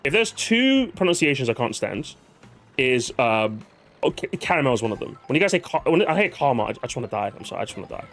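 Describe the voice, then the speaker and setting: A man's voice: medium pitch, big pitch swings, fast talker, a bit bright, soft background music. A man with a British accent hosting a casual stream, playful and sarcastic, laughing often. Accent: British English. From Britain. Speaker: streamer host.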